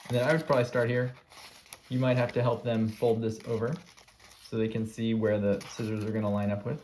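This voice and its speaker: A man teacher giving a calm, step-by-step classroom craft demonstration, repeating his cues. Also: on the low side, slight background noise.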